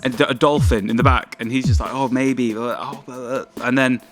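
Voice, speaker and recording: Young man, mid pitch, casual storytelling, music behind. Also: steady tone, normal speed, a bit bright. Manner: storytelling, laughing. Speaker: co-host. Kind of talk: casual banter.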